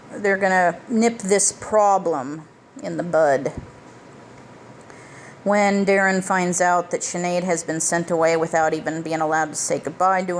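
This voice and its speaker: A woman's voice: fairly low pitch, slight background noise. A woman giving a casual plot recap of a film as a reviewer, blunt and profane, with emphatic asides. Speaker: movie reviewer.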